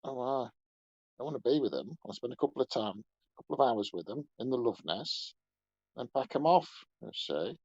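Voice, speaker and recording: A man's voice: mid-range voice, expressive, a little fast, a little mellow, breathy edge, no echo. A crude, mumbling old showbiz man, as a comic puts him on, rambling through lewd asides and tacking "you see" onto his lines. The delivery is muffled and dry, as if recorded on a dull lo-fi mic in a dead room. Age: older. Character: leering old male showbiz entertainer. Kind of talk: comic character impression on a podcast.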